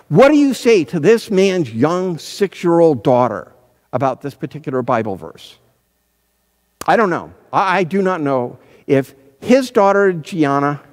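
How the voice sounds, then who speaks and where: A male pastor preaching an earnest, searching sermon, slowing down and pausing to stress his points. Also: fairly high pitch, big-room sound. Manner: earnest, searching, slows down for emphasis.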